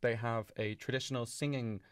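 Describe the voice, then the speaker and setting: A man's voice: medium pitch, fairly even intonation, fairly quick, clean tone, no echo, clean studio sound. Rambling male comedy podcast storyteller. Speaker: podcast co-host. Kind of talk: casual comedic chat.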